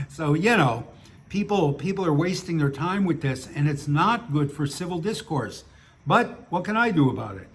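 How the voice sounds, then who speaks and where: A man with a somewhat high voice talks in a loose, opinionated way, then reads his stories with the same dry wit. His delivery is wry and a little grumbling, with jokes landing deadpan. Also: moderate pace, a little hiss or hum. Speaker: author reading his own stories. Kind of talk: casual monologue and story reading.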